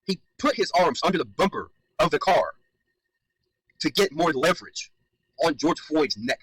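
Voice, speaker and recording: Male commentator, fired up and emphatic, a touch higher-pitched, swears freely. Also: lively intonation, normal speed, a bit bright, husky, dry recording, rough recording. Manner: heated, emphatic, repeats points, swears. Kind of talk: reaction commentary.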